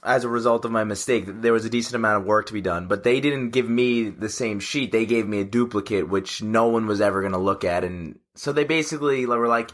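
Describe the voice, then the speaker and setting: A man's voice: on the low side, brisk, hardly any pauses, fairly bright tone. A man in his twenties, co-hosting a casual podcast chat, telling rambling stories with restarts and laughs. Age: 20s. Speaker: podcast co-host.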